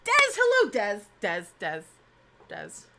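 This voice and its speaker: A bubbly young woman streamer chatting from home, her voice bright and swooping up and down in pitch. She pokes fun at herself and chatters freely, sitting on the higher side for a woman. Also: very animated, unhurried. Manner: bubbly, chatty, self-mocking. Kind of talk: casual live-stream chat.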